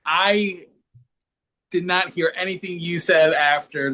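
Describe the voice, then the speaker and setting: A man co-hosting a casual sports podcast, teasing his partner in an excitable way. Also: high voice, slow. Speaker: podcast co-host.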